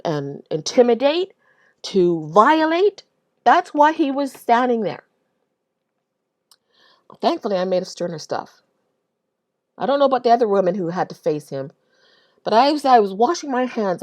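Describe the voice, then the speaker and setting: A woman earnestly telling a religious testimony in a monologue, halting often and repeating herself as she restarts phrases. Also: medium pitch. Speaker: Christian vlogger.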